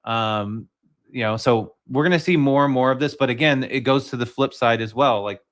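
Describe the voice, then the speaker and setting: Man, livestream host, casual commentary, rambling, filler-heavy, mid-pitched voice. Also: normal speed.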